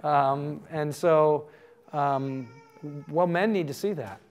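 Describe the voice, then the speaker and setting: A man's voice: fairly high pitch, slow pace. A man giving a conversational teaching talk to a live audience, telling stories in an earnest way. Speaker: conference speaker.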